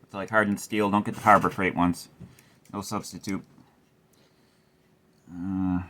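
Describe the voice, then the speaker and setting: Deep-voiced wry repair tech. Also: male voice, level tone, measured pace, pauses often, a bit bright. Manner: rambling, wry, swears casually. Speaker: amplifier repair host. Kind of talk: casual workshop tutorial.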